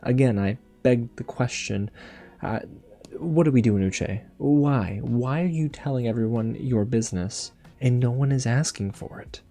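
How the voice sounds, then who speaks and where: A man hosting a casual reality TV recap, talking in an animated, gossipy way and laughing often. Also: mid-range voice, unhurried, faint music behind. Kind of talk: casual review monologue.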